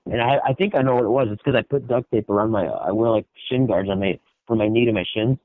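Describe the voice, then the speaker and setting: A man's voice: lowish voice, quick pace, no echo. A man hosting a podcast in casual chat, swearing often and acting out quotes in a raised voice. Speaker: podcast host. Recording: dry, tinny phone-like sound.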